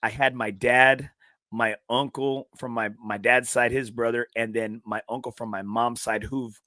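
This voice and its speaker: Laid-back Texan podcast host, bright voice. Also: male voice, medium pitch, flat delivery, unhurried, no room sound. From South Texas. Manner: laid-back, rambling with fillers. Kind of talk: casual chat.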